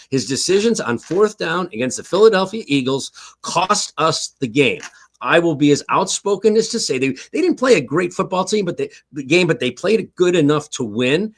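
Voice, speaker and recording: An older man giving heated, emphatic football commentary on a streamed talk show, repeating his points and tagging lines with "okay?". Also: on the high side. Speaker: guest analyst, former team staff. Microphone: online stream call.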